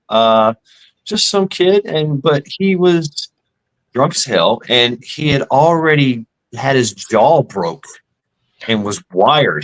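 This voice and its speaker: A man's voice: medium pitch, low-quality recording. A middle-aged man telling casual stories in a rambling, profane way, acting out the lines of the people in them. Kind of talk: casual storytelling.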